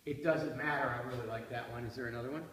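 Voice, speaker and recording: A man leading a classroom poetry discussion, quizzing students with a lively, playful manner. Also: medium pitch, rapid-fire. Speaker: seminar leader. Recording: echoey room from a distance, faint hiss.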